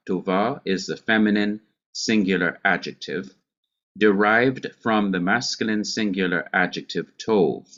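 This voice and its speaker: A man with a Jamaican accent teaching a Hebrew grammar class, speaking deliberately and repeating key words. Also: low-pitched, fairly bright tone, muffled recording.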